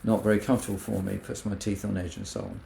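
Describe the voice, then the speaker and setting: A man co-hosting a casual, reflective chat who talks gently and acts out quoted remarks in other voices. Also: fairly low pitch, fairly even intonation, very fast, gravelly, a little hiss or hum. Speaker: podcast co-host. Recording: echoey room.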